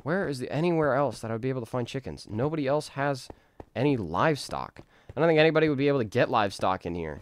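A man's voice: medium pitch, expressive, quick pace. A man giving casual, rambling gameplay commentary, talking to himself with jokey outbursts. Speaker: gaming streamer.

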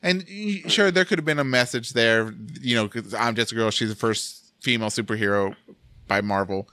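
A man's voice: mid-range voice, moderate pace, no room sound. Guy ranting about a movie on a podcast, laughs a lot, dry close mic. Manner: animated, rambling, laughs often. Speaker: podcast host. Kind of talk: casual movie review chat.

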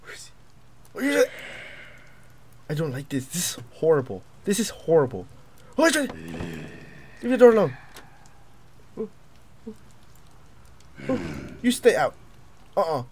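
A young man commentating a horror game as he plays, jumpy and excitable, yelping and taunting the monster. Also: sits high, measured pace, pauses often, a little hiss or hum. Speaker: gaming video creator.

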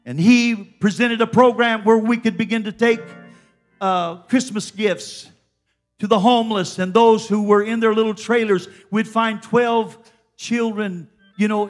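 A woman preaching a fervent Pentecostal sermon at a church service, exhorting the congregation. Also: medium pitch. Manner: fervent, exhorting, with repeated calls of "come on".

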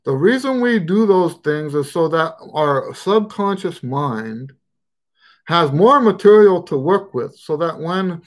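A man's voice: fairly high pitch, animated, slow. An American man with a mixed, shifting regional accent, hosting a trumpet Q&A live stream in a rambling, casual way with many fillers. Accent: mixed American, Texan and Western Pennsylvania touches. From United States.

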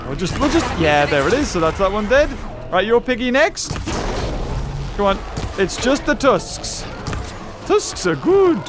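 A man giving excitable let's-play commentary, chatting to enemies with yelps and laughs. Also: sits high, measured pace, long pauses. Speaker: gameplay commentator. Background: game music.

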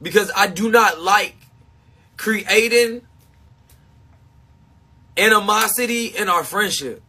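A man's voice: sits high, slow pace, long pauses, bright, forceful tone, breathy edge. A man streaming live to his supporters in a casual, emphatic, confessional way. He repeats his points and laughs often between them. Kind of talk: casual livestream chat.

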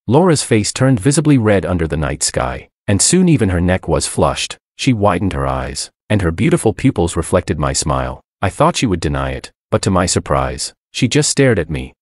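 Deep-voiced male audiobook narrator. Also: sing-song, normal speed, hardly any pauses, no echo, studio quality. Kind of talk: first-person story narration.

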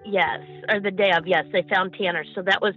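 A grieving mother in an interview, speaking emotionally and haltingly with many pauses and restarts. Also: on the low side, steady tone. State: emotional, holding back tears. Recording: dull lo-fi sound with faint music.

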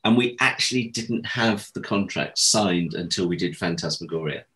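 A man's voice: moderate pace, low-quality recording. A middle-aged man telling anecdotes as an interview guest. He laughs at himself and acts out the quoted lines. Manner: animated, acts out quoted dialogue with big jumps in pitch; self-deprecating, laughs while telling stories. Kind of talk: anecdotal storytelling in conversation.

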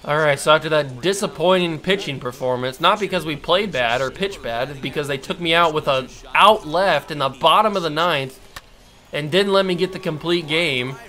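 A man talking his way through a baseball video game in a casual, running monologue. His voice is bright and sits a touch high, and he mutters to himself, then flares up with frustrated outbursts. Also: normal speed. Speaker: gamer. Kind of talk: casual gameplay commentary.

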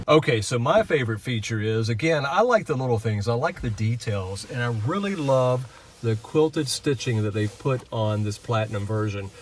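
A man's voice: mid-range voice, lively intonation, moderate pace. A man co-hosting a casual car review, easygoing and chatty, talking from inside a moving pickup truck. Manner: easygoing, chatty, laughs often. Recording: road and engine noise. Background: vehicle road noise.

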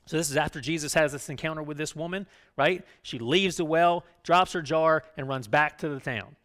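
A man pastor giving a conversational sermon, often checking in with his listeners and swinging between emphatic raised lines and quiet low ones. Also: moderate pace. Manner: conversational preaching, frequent "right?" asides.

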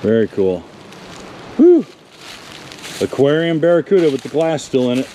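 A man's voice: on the high side, very animated, moderate pace, warm tone, a little hiss or hum. A man presenting a casual outdoor walkaround of old cars, chatting to viewers and talking to the cars themselves. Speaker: car magazine presenter. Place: outdoors in a wooded salvage yard.

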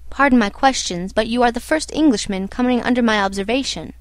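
An old, odd foreign doctor speaks calmly and matter-of-factly, as a woman reads him aloud. The voice sits a little high and is recorded close and dry. Nothing seems to ruffle him. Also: fairly quick, no room sound, close to an everyday voice. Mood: calm, detached. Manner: matter-of-fact, imperturbable. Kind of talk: audiobook character reading.

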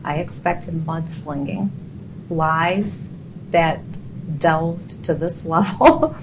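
A woman's voice: deep voice, drawn-out words. A middle-aged woman with an Upper Midwest American accent, a judicial candidate answering an editorial board firmly and plainly. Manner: firm, emphatic denials, plainspoken. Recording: noisy room audio.

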